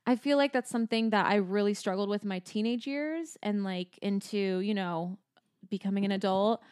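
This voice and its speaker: A woman's voice: mid-range voice, normal speed, a little mellow, smooth, no room sound, studio quality. A woman co-hosting a podcast in casual chat, speaking candidly with many fillers. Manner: candid, confiding, filler-heavy talk. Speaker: podcast co-host.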